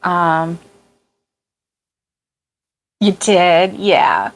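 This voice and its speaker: A woman's voice: lowish voice, sing-song, drawn-out words. A middle-aged woman hosting a crochet livestream, chatting casually, chuckling and answering viewer comments as she goes. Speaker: crochet channel host.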